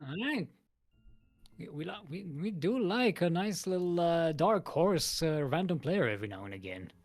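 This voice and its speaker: An esports caster giving live play-by-play, animated and laughing, with frequent hesitations. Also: mid-range voice, moderate pace. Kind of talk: live game commentary.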